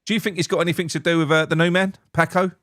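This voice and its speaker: A man's voice: a little high, little pitch movement, racing, a bit bright, dry recording, clean studio sound. A man hosting a casual football chat, blunt and sweary, laughing through his banter. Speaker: show host.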